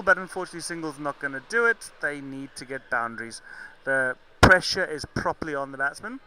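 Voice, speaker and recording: A man's voice: fairly high pitch, lively intonation, brisk, few pauses, heavy background noise. A man from Zambia with a mixed southern African and English accent, giving chatty, jokey live cricket commentary. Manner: chatty, jokey, self-correcting.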